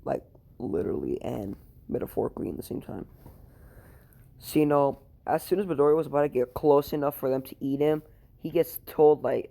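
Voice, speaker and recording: A man's voice: on the high side, brisk, vocal fry, dark tone. A tired young man improvising a fan story, rambling and crude, full of fillers and swearing. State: tired, sleepy.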